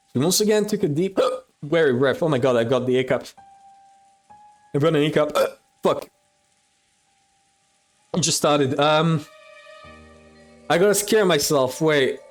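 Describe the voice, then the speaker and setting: A man streaming himself reading a visual novel aloud, switching between narration and casual, swearing commentary. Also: a little high.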